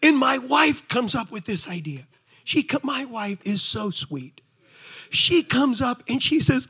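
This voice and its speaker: A man's voice: very high voice, very animated, unhurried, vocal fry, slightly rough. A man preaching a sermon, telling stories to the congregation and pressing his points with energy. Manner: conversational storytelling with asides to the congregation; rises to shouted exhortation. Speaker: pastor.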